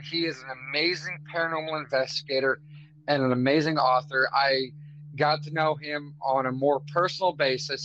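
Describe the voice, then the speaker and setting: A man from Arkansas co-hosts a casual podcast, a laid-back storyteller with lots of fillers. His voice sits slightly high. The audio is dull and lo-fi, with loud music playing behind him. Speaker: podcast co-host.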